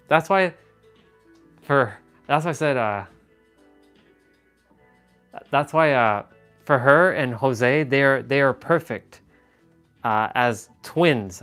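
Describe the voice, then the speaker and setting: A young man hosts a casual livestream, his medium-pitched voice a bit bright as he rambles in an exasperated way, laughing often and swearing offhandedly.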